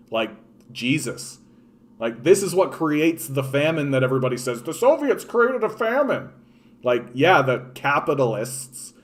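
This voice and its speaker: A man talking off the cuff on a stream, his voice sitting at an ordinary middle pitch. He rambles in a loose, profane way, leaning on "like" and stopping to answer chat. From Canada. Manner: profane, animated, filler-heavy, reacting to chat. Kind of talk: casual political rant.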